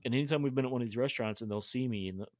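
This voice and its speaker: A man hosting a podcast, talking quickly and casually in a friendly tone. He often trips over himself and restarts his sentences. The sound is close and dry. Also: mid-range voice, dry recording. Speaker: podcast host. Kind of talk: casual chat.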